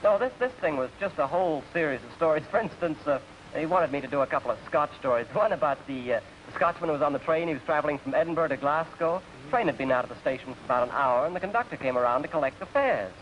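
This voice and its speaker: A man's voice: a little high, lively intonation, quick pace, fairly bright tone. A young man with an English accent, a polite, chatty guest telling jokes in scripted radio comedy banter. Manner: polite, chatty, self-deprecating storyteller. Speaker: guest performer. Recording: dull old radio broadcast with hiss.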